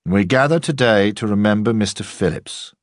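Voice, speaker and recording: A man's voice: lowish voice, normal speed, dry recording, studio quality, pitched above the performer's own voice, lightly acted. A man voicing a stern, towering headmaster giving a solemn, declaiming address. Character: towering stern headmaster, commanding, a bit of a ham.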